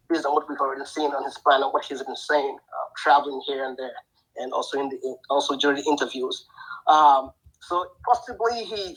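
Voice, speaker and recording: A man's voice: on the high side, sharp tone, breathy edge, poor audio. A man calling in to a discussion, hesitant and thinking aloud with many fillers. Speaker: caller. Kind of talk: casual discussion.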